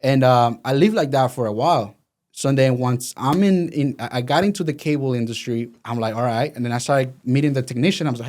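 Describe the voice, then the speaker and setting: A man in his thirties speaks English with a Venezuelan Spanish accent, telling his life story to an interviewer. His delivery is casual and animated, and he jumps into other people's voices whenever he quotes them. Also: medium pitch, fairly quick. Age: 30s. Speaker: guest.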